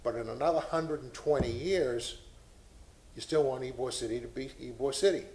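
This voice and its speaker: A man's voice: mid-range voice, normal speed, darkish tone, echoey room, a little hiss or hum, rough recording. A man on a city board speaking with passion and a preachy tone at a public meeting. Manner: impassioned, preachy. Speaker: board member.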